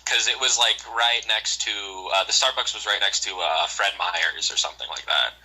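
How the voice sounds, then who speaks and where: A young man chats casually, with a husky, edgy voice that sits a little low. He tells long, rambling stories thick with swearing and filler words. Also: fairly even intonation, moderate pace, pushed and bright, low-quality recording. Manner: rambling, profane storytelling with many fillers. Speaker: storyteller on a call show. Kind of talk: casual chat.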